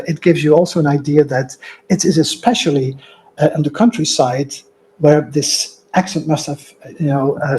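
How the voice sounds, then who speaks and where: A man's voice: on the high side, a little mellow, breathy edge, low-quality recording. An older man from the Netherlands, Dutch by birth, giving an academic lecture in a digressive way with many fillers and asides.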